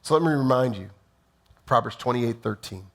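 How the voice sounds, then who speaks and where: A man's voice: mid-range voice, lively intonation, moderate pace, fairly bright tone. Middle-aged male pastor, earnest and plainspoken, acts out sample apologies in his sermon. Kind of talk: teaching sermon.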